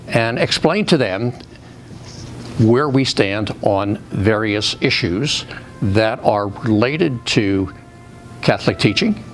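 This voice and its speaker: Measured, low-voiced middle-aged man. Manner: measured, deliberate, with frequent pauses and fillers. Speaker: Catholic policy advocate. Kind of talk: interview answers to camera. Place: state capitol building, indoors.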